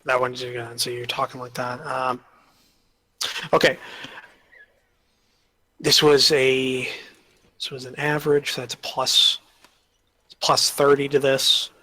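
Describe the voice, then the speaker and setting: A man's voice: medium pitch, level tone, unhurried, long pauses, pushed and bright, dry recording. A man acting as game master of a tabletop role-playing game, explaining rules and narrating scenes, often trailing off into fillers.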